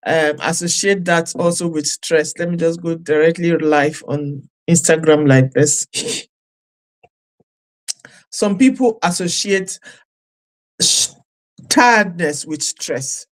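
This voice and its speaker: A woman life coach leading a live-streamed session, who repeats her questions to viewers and stresses the words she lists. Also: on the low side. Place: streaming live at home or studio.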